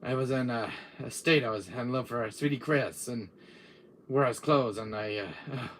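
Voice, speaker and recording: A man's voice: medium pitch, moderate pace, fairly bright tone, a little hiss or hum, lightly acted. Wesker, as a man puts him on, swooning camp drawl. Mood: sheepish. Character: lovestruck villainous man, flamboyant, love-potion addled.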